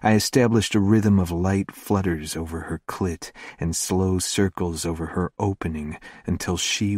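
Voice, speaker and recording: A man narrating a first-person romance audiobook in a slow, hushed, intimate delivery. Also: sits low, slightly rough, no room sound, studio quality.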